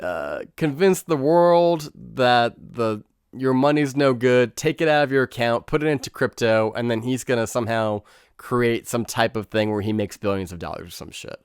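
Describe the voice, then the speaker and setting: A man rants through a movie review in a loose, profane, sarcastic way, mocking scenes with quoted reactions. His voice is smooth and clear, at an average pitch. The sound is dry and close, with no room around it. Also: normal speed, no room sound. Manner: animated, sarcastic, swears freely, mocks scenes in put-on quotes.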